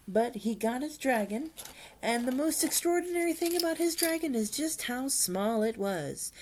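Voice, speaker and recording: A woman presenting a book talk, retelling the story in an expressive, dramatic read-aloud manner with sudden whispers. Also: medium pitch.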